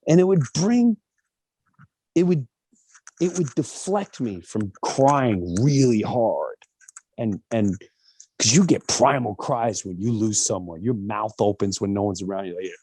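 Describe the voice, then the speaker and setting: As a guest in an interview, a middle-aged man animatedly shares personal stories, mimicking others with large leaps in pitch. He speaks at a measured pace with long pauses, and the recording has no room sound.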